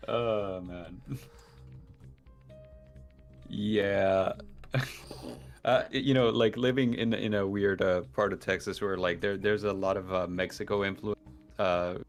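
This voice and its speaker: A man's voice: lowish voice, slow, pauses often, faint music behind. Joking man as a podcast guest. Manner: relaxed, joking banter. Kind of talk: casual chat.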